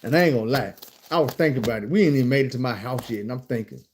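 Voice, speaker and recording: Mellow-voiced Southern man telling stories. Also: mid-range voice, rapid-fire, slight background noise. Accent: Southern American. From Arkansas, USA. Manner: profane, animated, conversational. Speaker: storyteller. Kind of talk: casual storytime monologue.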